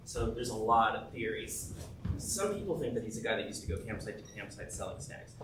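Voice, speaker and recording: A man's voice: on the low side, big pitch swings, brisk, background noise. A man playing a skeptical laughing camper. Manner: dismissive, laughs easily, stammers. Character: skeptical, good-natured young man camper. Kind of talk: stage play performance. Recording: roomy stage sound from a distant mic.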